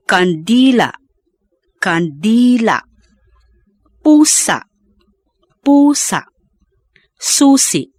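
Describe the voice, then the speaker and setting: Female pronunciation model, very slow and deliberate delivery, dry close sound. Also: fairly high pitch, no room sound. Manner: slow, deliberate, carefully enunciated. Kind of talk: reading vocabulary for learners to repeat.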